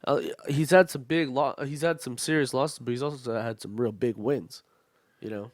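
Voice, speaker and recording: A man's voice: medium pitch, fairly even intonation, moderate pace, no echo, studio quality. A man co-hosting a sports podcast, chatting in a slangy, agreeable way and swearing freely. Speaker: podcast co-host. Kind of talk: casual chat.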